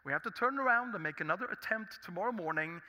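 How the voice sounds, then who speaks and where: A preacher imitating an airline captain making a formal, apologetic announcement over the speaker. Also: male voice, high voice, lively intonation, quick pace, bright, forceful tone, big-room sound, full character voice.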